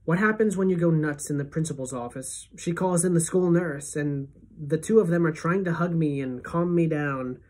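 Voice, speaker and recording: A woman teacher reading a novel aloud to her class as a first-person narrator, steady and expressive. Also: deep voice, moderate pace, hardly any pauses.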